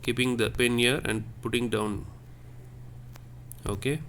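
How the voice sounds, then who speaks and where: A man's voice: mid-range voice, level tone, a little slow, fairly bright tone. Man, teacher, classroom lesson, patient, repeats each point, faint background noise. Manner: patient, repetitive, explains step by step. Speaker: French teacher. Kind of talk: classroom lesson explaining French accents.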